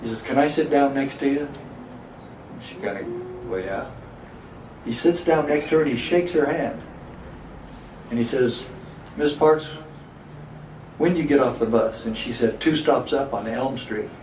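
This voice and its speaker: A man's voice: mid-range voice, normal speed, pauses often, darkish tone. A middle-aged man, a sheriff, giving a public speech, telling a story and asking the crowd rhetorical questions. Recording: echoey hall from far off, faint hiss.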